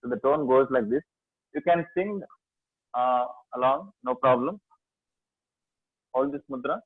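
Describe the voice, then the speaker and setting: A man with an Indian accent teaching a yoga class, giving halting instructions with many fillers. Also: mid-range voice, slightly rough, no room sound. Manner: slow, halting instructions with many fillers, chanting and singing tones. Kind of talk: guiding a mudra and mantra class. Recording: dry, phone-like lo-fi sound.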